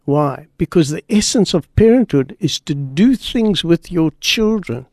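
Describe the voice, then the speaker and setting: A man's voice: fairly high pitch, lively intonation, a little slow, a little mellow, dry recording, clean studio sound. A man speaking as a guest pastor on a radio program, telling a story in an earnest, emphatic way.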